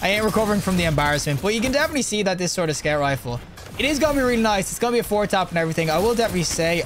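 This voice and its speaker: Young male gaming host, high lively voice, quick excitable gameplay commentary. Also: slight background noise. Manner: excitable, yelps and laughs mid-play.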